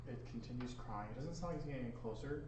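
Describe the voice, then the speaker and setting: A man narrating a tabletop game as game master, easygoing and quick to laugh. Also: medium pitch. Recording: echoey room, distant mic, noisy.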